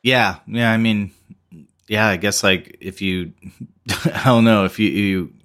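A man's voice: fairly low pitch, fairly even intonation, measured pace, fairly bright tone, clear, resonant tone. A man co-hosting a podcast in casual chat, playful and rambling, with lots of fillers and restarts. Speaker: podcast co-host.

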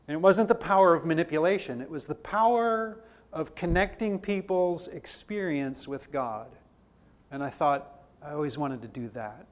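A man teaching a theology class, putting question after question to his students and swinging between loud emphasis and quiet asides. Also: a little high. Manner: poses repeated questions to the class. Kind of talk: classroom lecture.

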